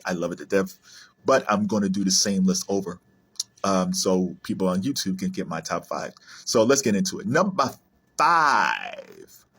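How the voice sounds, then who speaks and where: A man chatting casually on his own, animated and laughing often, sometimes popping into silly high voices. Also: breathy edge. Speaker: video creator. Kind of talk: casual solo chat to camera.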